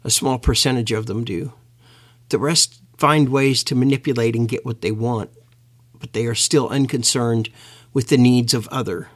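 A man's voice: medium pitch, steady tone. Earnest man giving a talk. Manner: earnest, emphatic, slows down for key words. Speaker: lecturer. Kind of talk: educational talk.

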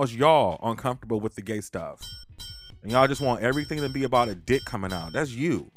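An animated podcast host from Los Angeles tells a long story in a casual, frank and profane way, laughing as he goes. He swings into loud, high-pitched voices when quoting people.

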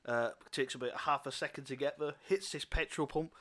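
A man's voice: mid-range voice, fairly even intonation, fairly quick, very noisy. A man narrating a tabletop game as game master, loose and chuckling with many fillers.

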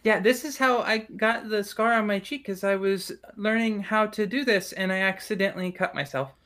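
Cheerful little elven girl, high and bubbly, put on by a male game master. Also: normal speed, a bit bright. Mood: chatty.

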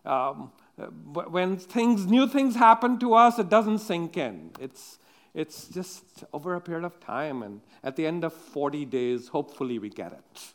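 A man with a high voice preaching a sermon. He talks in a halting, chatty way, full of ums and restarts, and turns to his listeners with direct questions. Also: lively intonation.

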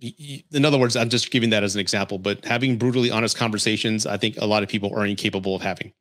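A man's voice: lowish voice, fairly even intonation, racing, fairly bright tone. Blunt-talking male podcast host. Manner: blunt, candid advice with mild swearing. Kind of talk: casual livestream chat reading comments.

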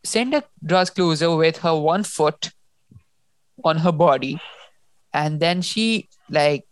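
Low, emotional woman recapping a book. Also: lively intonation, slow pace, no room sound. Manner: emotional, restarts and gushes about the story. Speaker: podcast co-host. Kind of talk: casual book discussion.

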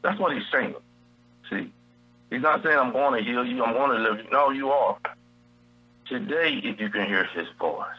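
Husky-voiced man preaching on radio. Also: medium pitch, normal speed, long pauses, highs cut off. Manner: preacherly, repeats key phrases. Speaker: guest preacher. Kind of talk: radio Bible teaching.

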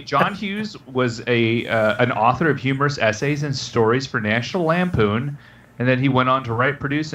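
A man's voice: medium pitch, fairly bright tone. A man co-hosting a casual podcast, delivering wry, laid-back remarks and segment intros. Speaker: podcast co-host. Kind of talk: casual chat.

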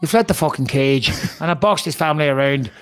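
A man's voice: on the high side, animated, a little fast, a bit bright, clear, resonant tone, no echo. A man putting on a Northern Irish accent to play a cocky male fighter who swears and mocks his rival. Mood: taunting. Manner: taunting, swearing, mocking. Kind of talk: podcast impression bit.

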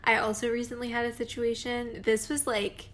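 Young woman, lively casual podcast chatter. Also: on the high side, moderate pace. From Boston area. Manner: animated storytelling, acts out quotes, laughs often. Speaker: podcast co-host. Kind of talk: casual chat.

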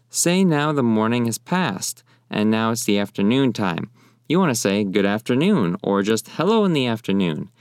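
A young man teaching in a friendly, casual way, often repeating phrases slowly. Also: fairly low pitch, clear, resonant tone, no echo, studio quality. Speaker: language teacher. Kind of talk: casual spoken lesson.

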